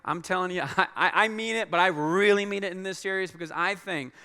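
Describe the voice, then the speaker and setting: A man speaking as a pastor to his church in a large auditorium, earnest and halting, with many restarts. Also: high voice, sharp tone, smooth. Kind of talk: church announcement and sermon. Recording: long hall reverb.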